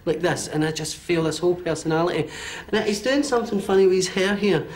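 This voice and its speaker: A Scottish man in his forties giving a medium's reading, talking in a quick, animated way with many fillers and checks. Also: high-pitched. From Scotland. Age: 40s. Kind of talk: live one-to-one reading before an audience.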